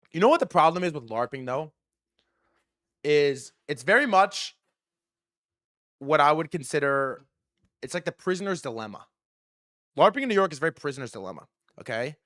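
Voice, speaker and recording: A young man hosts a stream and tells stories casually, swearing often and putting on voices for the people in them. His pitch swings widely as he talks. The sound is dry and close, with no room echo. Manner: animated, profane, switching voices for quoted people. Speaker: stream host. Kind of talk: casual storytelling with acted quotes.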